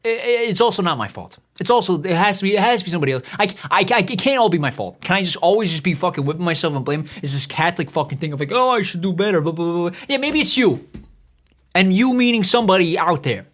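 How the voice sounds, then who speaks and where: Brief: man, about 30, rapid-fire podcast ranter, slightly high voice, swears and stumbles over restarts. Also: lively intonation, a bit bright. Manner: swearing, stammering restarts, heated rambling. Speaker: podcast host. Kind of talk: profane comedic rant monologue.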